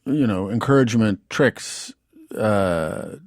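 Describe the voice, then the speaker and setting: A man hosting a radio interview, with halting questions full of restarts. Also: lowish voice, animated, no echo, studio quality. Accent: put-on British accent in readings. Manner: halting, restarts questions, tries a posh accent. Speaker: radio host. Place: radio studio. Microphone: studio mic.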